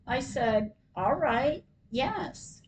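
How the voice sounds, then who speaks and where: A woman podcaster reading her diary entries aloud, retelling each call in a plain, measured way. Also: high-pitched, expressive, slight background noise, low-quality recording.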